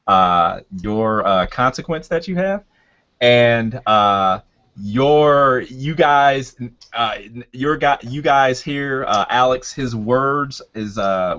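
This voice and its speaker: A man's voice: mid-range voice, a bit bright, dull audio. A man narrating as game master of a tabletop game, hesitant with many fillers.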